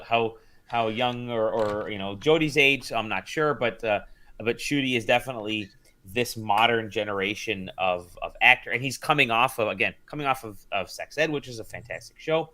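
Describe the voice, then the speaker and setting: A man's voice: lowish voice, pushed and bright. A man co-hosting a podcast, talking casually and thoughtfully with many fillers and restarts. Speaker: podcast co-host. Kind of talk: casual chat.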